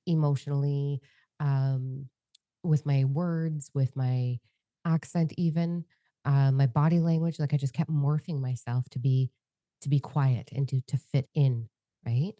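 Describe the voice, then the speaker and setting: Fast-talking unfiltered woman, very deep voice. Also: fairly even intonation, mellow, dry recording. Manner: fast, unfiltered, swearing freely. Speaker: podcast co-host and psychic medium. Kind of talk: candid casual conversation.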